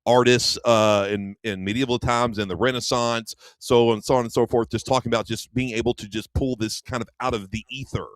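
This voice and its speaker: A man's voice: medium pitch, steady tone, fairly quick, hardly any pauses, no echo. A man co-hosting a radio show, casually retelling a movie plot and acting out the characters' lines. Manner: rambling storyteller, acts out quoted lines. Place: radio studio.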